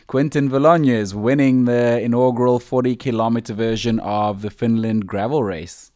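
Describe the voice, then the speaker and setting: A man co-hosting a podcast, chatting casually and relaxed, often laughing and using fillers. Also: medium pitch, normal speed. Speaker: podcast co-host.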